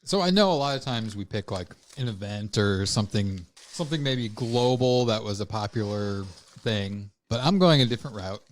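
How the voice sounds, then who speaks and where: Low-voiced man joking on a podcast. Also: animated, normal speed. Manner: joking, profane banter. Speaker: podcast co-host. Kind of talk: casual chat.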